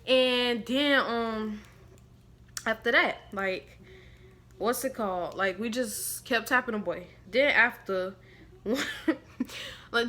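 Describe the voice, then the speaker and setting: A woman's voice: fairly high pitch, takes it slowly, pauses often, a bit bright. A woman casually telling a rambling, slangy story to her viewers, laughing along as she goes. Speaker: storytime vlogger.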